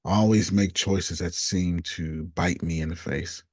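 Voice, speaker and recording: Low, husky man reading self-talk lines. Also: no echo, studio quality. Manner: reads out negative self-talk lines in a flat, deliberate way, with casual slang. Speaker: coach reading statements to a group. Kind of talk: group coaching session.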